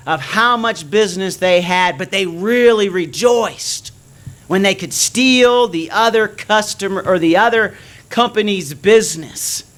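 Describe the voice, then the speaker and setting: Man, Canadian accent, slight Southern drawl, guest preacher, storytelling sermon, high voice. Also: a bit bright. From Nova Scotia, Canada. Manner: friendly, storytelling. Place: church.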